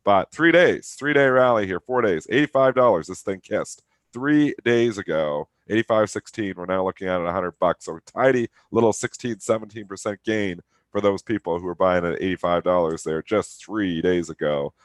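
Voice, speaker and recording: A man's voice: low voice, normal speed, few pauses, no echo, clean studio sound. A man in his thirties with a nasal, stuffed-up voice from a cold, co-hosting a live market show in casual, rambling trader talk. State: congested with a cold. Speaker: trading show co-host.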